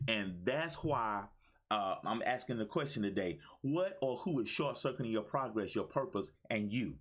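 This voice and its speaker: Man, 50s, motivational livestreamer, lively swooping pitch, slightly husky voice, exuberant call-and-response. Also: normal speed. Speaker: motivational speaker. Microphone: phone.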